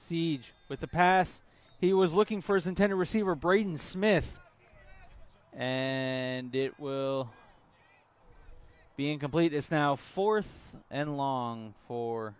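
Guy doing play-by-play for a youth football game, kinda high voice, talks slow and easy with lots of uhs. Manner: relaxed play-by-play with filler words. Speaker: play-by-play commentator. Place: outdoors at a football field.

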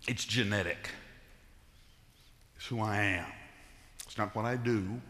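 Casting: middle-aged male pastor, bright and forceful tone, folksy sermon storyteller, reverberant church hall. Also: on the low side, takes it slowly, a little hiss or hum. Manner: folksy storytelling with frequent "uh" fillers. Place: church sanctuary.

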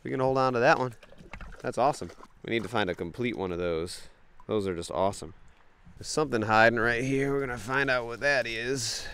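A young man, chatting excitedly to viewers while wading a creek, sniffling from allergies. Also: medium pitch, a little fast, clean tone. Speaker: bottle-hunting vlogger. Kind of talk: casual outdoor vlog narration. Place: outdoors in a creek.

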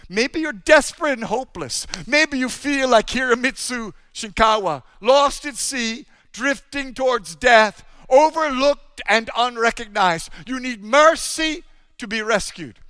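A man pastor preaching a sermon, moving between loud proclamations and hushed, low storytelling. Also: expressive, measured pace, smooth, no room sound.

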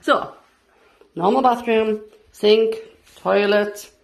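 A woman's voice: fairly high pitch, fairly even intonation, slow, vocal fry. A woman with a Teesside accent showing her bathroom in a cheerful, jokey, casual home tour. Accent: Teesside English. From Teesside, England. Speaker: friend of the vlogger.

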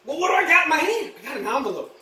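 A woman playing a boastful, rambling male ex-Marine patriot dad in a comedy monologue, shouting one moment and muttering the next. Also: sing-song, very fast, heavily acted. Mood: blustering. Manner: boastful, rambling, shouts then drops low. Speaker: comedy vlogger. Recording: roomy echo, mic at a distance.

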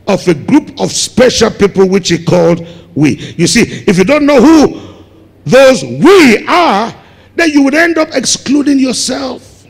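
Ghanaian preacher man shouting in a hall. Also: very high-pitched, sing-song, measured pace, gravelly, breathy edge. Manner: rising to shouted emphasis on key words. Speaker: pastor. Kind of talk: sermon. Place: large church hall. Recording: long hall reverb.

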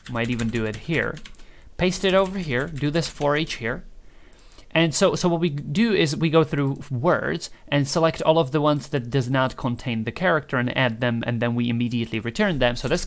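A man with a middle-pitched voice, loosely talking his way through a screen-recorded tutorial. He thinks aloud as he goes, joking and swearing casually, with a relaxed, unscripted manner. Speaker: programming tutor.

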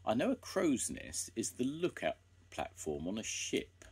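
Grandad doing a young bear boy, earnest, polite, storybook, husky, bouncy pitch. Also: huge pitch swings, measured pace, darkish tone, heavily acted. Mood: thoughtful.

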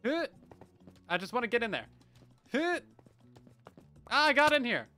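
A man's voice: very high voice, very animated, unhurried, bright, forceful tone, faint music behind. A man chatting casually as a game streamer, muttering to himself, humming while he builds and thanking viewers from the chat, on a headset mic. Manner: mutters to himself, hums and reads out chat names.

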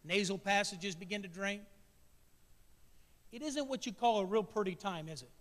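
A Midwestern American man delivers a sermon to his congregation at a normal pace, his fairly high, fairly bright voice plain, folksy and emotional. He addresses the crowd directly and poses questions to them, while the long echo of a church sanctuary hangs around his words.

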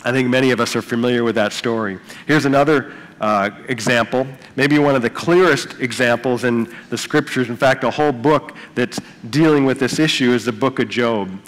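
A man's voice: mid-range voice, moderate pace, few pauses, fairly bright tone, long reverb tail. A male pastor preaching a sermon in a conversational way, retelling Bible stories with casual asides to the congregation. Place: church sanctuary.

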